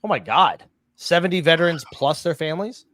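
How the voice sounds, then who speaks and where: A man's voice: a little high, animated, fairly quick, a bit bright. A man co-hosting a podcast, asking questions with playful joking asides. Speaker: podcast co-host. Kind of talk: casual podcast chat.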